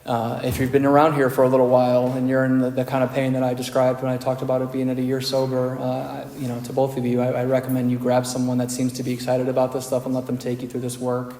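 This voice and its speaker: Male speaker, mid pitch, fairly monotone, candid and wry, recorded from a reverberant meeting hall. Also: quick pace, few pauses. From United States. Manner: candid, self-deprecating, conversational. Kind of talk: personal recovery talk. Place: meeting room.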